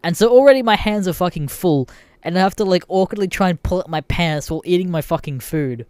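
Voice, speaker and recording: A man's voice: sits high, lively intonation, quick pace, darkish tone, clean tone, no room sound. Swearing young Australian guy telling a story. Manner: heavy swearing, laughs through the story. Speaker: podcast host. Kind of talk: casual storytelling.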